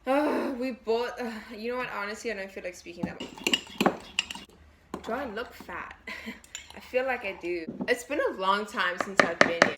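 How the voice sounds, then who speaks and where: Chatty young woman baking, noisy recording. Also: medium pitch. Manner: chatty, swears, jumps between recipe and story. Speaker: vlogger baking and telling a story. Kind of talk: casual story-time chat.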